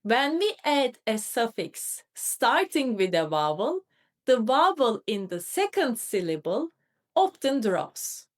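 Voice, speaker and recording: Slow, lively-voiced woman teaching. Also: fairly high pitch. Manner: clear, careful, spells out sounds and examples. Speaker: Turkish teacher. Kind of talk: scripted grammar lesson.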